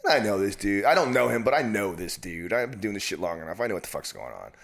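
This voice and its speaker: A man's voice: on the low side, big pitch swings, fast talker, vocal fry, fairly bright tone. A man, a guest on an interview show, telling stories in casual chat with heavy swearing and laughing asides. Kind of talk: casual storytelling. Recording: roomy echo.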